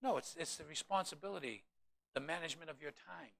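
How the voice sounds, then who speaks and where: A man, a pastor, preaching a sermon in an animated way with humorous asides to the congregation. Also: on the high side, fast, vocal fry.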